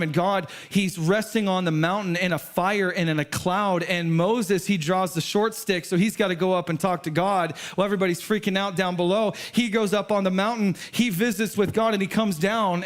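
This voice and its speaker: High-voiced pastor preaching casually. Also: male voice. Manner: casual, conversational preaching that swells to emphatic climaxes. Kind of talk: sermon. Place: church sanctuary.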